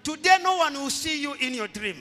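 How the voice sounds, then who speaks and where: A man with a Zambian accent, a pastor leading a fervent prayer, repeating and shouting short lines. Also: very high-pitched, expressive, fairly quick. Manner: repetitive chanted exhortations, often shouted. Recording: echoey hall with music behind.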